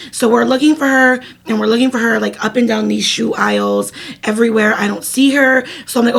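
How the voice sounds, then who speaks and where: Young woman on a podcast, kinda gravelly and husky, chatty storyteller, says like a lot. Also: fairly high pitch, moderate pace. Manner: animated, laughing, lots of "like". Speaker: podcast co-host. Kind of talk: casual storytelling chat.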